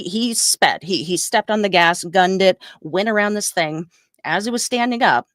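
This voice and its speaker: Low-voiced woman retelling a story. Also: no echo, studio quality. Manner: rambling, animated retelling with fillers and laughs. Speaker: podcast co-host. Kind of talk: casual storytelling chat.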